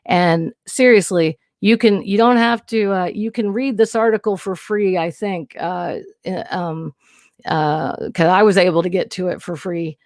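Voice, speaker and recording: A woman's voice: fairly low pitch, a little slow, darkish tone, no echo, studio quality. A woman hosting a casual livestream, talking candidly and rambling, nervous and emotional. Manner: rambling, candid, frequent restarts and swearing. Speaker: livestream host. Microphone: new studio mic.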